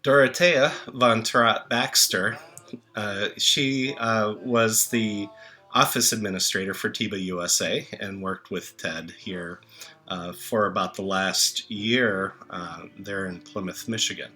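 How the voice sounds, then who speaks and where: Slow, low-pitched man with bright tone. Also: fairly even intonation. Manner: slow, halting, many filler pauses. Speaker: channel host reading tributes. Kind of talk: spoken memorial tribute. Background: soft music.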